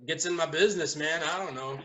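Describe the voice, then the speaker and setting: A man chatting casually at a round table, telling lively stories and laughing often as he goes. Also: a little high, brisk, slight background noise, low-quality recording. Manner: animated storyteller, laughs often. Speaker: haunt owner, podcast regular. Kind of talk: casual storytelling chat.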